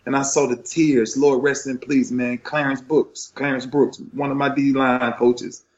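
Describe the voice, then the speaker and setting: A man's voice: medium pitch, little pitch movement, measured pace, a little mellow, echoey room, highs cut off. A middle-aged man, a retired football player, telling an emotional story in a passionate, preacher-like rhythm.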